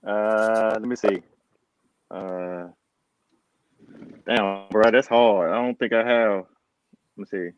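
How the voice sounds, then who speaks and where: A man on a casual panel chat who talks in an animated, slangy way and laughs often. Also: on the low side, takes it slowly, pauses often, lo-fi sound, slight background noise.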